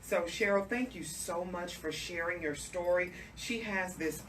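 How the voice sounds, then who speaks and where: A woman's voice: on the low side, measured pace, fairly bright tone. A woman hosting a radio talk show, effusive and emotional, speaking straight to her audience. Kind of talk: interview chat. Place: radio studio. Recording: distant mic with clear background noise.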